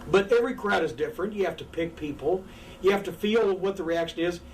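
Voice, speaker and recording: A former wrestling manager sits on an indoor couch giving a profane shoot interview, his high voice frantic and fast. The mic is distant, picking up faint background noise.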